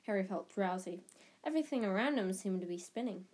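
A woman's voice: mid-range voice, lively intonation, brisk, darkish tone, low-quality recording. A woman reading a novel aloud as an audiobook host, dramatic and often repeating phrases as she goes. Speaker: audiobook reader.

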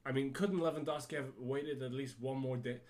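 A man's voice: medium pitch, steady tone, fairly quick, a little mellow. A man hosting a solo podcast, rambling casually with frequent restarts and little laughs. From Germany. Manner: rambling, self-correcting, laughs to himself. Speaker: podcast host.

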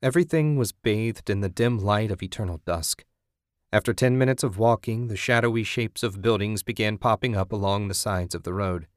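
A man narrating a story in a steady, even audiobook style. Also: fairly low pitch, no room sound, studio quality.

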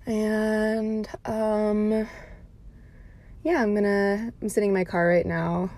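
A woman's voice: mid-range voice, flat delivery, slow pace, darkish tone. A young woman recording a casual audio diary from her parked car, rambling and filling her talk with "like". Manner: rambling, heavy use of filler "like".

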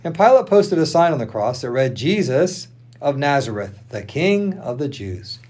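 A man co-hosting a podcast, reading a Bible passage aloud in turns, plain and steady with small slips. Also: fairly high pitch, moderate pace. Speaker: podcast co-host reading scripture.

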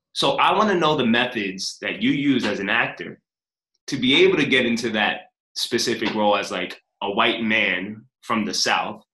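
A man hosts a casual podcast interview, curious and earnest as he asks his guest questions. His voice sits a touch low and sounds bright and forward. The room around him rings noticeably. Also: echoey room, rough recording. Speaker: podcast host.

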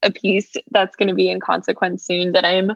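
A woman's voice: fairly low pitch, little pitch movement, moderate pace, gravelly, slight background noise. A woman guest on a chat podcast, talking in a bubbly, gushing way. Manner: bubbly, gushing, says "y'all". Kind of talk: casual chat. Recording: dull, slightly lo-fi dry sound.

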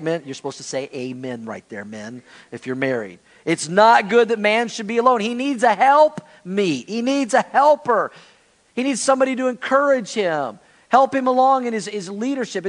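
A man preaching a sermon as pastor, in an animated, conversational manner. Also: high voice.

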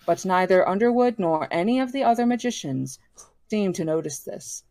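A woman reading a novel aloud for a book club, steady and now and then correcting herself. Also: medium pitch, normal speed, dry recording.

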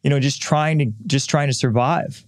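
A man's voice: medium pitch, steady tone, normal speed, no room sound, studio quality. A middle-aged man hosting a podcast, speaking candidly and earnestly in a personal reflective monologue, with frequent restarts. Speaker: podcast host and author.

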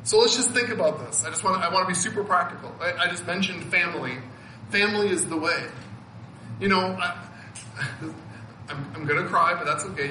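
Bright-voiced man in his fifties preaching. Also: fairly high pitch, reverberant, slight background noise, rough recording. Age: 50s. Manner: earnest, emotional, laughs often, repeats words. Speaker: pastor. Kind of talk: sermon.

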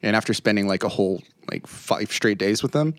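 A man's voice: on the low side, expressive, fairly quick, no room sound, clean studio sound. A young man, a comedian guest on a casual podcast, who rambles, laughs often and mimics voices in his anecdotes.

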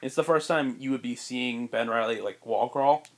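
A man co-hosting a podcast, pitching a story in rambling casual chat with many fillers and frequent laughs. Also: moderate pace. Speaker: podcast co-host.

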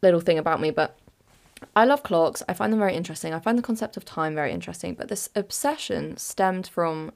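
A woman's voice: lowish voice, fast, creaky, darkish tone. Chatty giggly young woman. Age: young adult. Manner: chatty and giggly, dramatic sighs and self-mocking despair. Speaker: podcast host. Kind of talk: casual solo podcast chat.

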